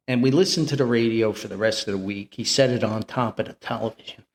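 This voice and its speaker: A man's voice: fairly low pitch, fast talker, vocal fry. An older man, telling a rambling, chuckling family anecdote as a podcast host. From New Jersey. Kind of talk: anecdotal storytelling.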